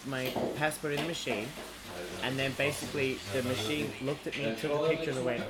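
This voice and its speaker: A man's voice: medium pitch, fairly even intonation, a little fast. A man casually telling a comic travel anecdote on a podcast, laughing often. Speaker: podcast co-host. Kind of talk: casual chat, storytelling. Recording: noticeable background noise.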